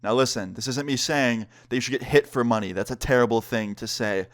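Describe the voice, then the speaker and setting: Young guy vlogger, mid-pitched, relaxed chatty storytime delivery. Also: brisk. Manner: casual, animated storytelling with filler words. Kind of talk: storytime vlog.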